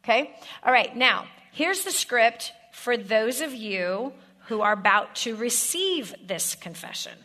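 Bright-voiced woman preaching to a congregation. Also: fairly high pitch, animated, takes it slowly. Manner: direct, coaching the audience with scripts and repeated questions. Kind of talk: sermon.

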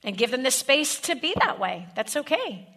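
A woman delivering a sermon with a bright, forceful tone. She talks straight to her listeners, walking them through step-by-step scripts and checking in with repeated questions. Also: high-pitched, big pitch swings, normal speed. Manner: direct, coaching the audience with scripts and repeated questions.

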